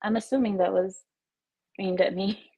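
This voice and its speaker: A woman's voice: mid-range voice, fairly even intonation, moderate pace, warm tone, slightly rough, rough recording. A woman from Texas, hosting a casual livestream from home on wireless earbuds, chatting and giggling as she reads viewer comments. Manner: chatty, giggly, self-teasing. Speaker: livestream host.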